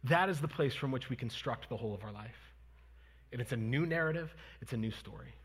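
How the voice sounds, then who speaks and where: Male pastor, 30s, earnest and conversational sermon, husky edge, long church-hall reverb. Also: medium pitch, expressive, fairly quick. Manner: earnest, conversational, with fillers and restarts. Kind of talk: sermon and prayer. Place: church sanctuary.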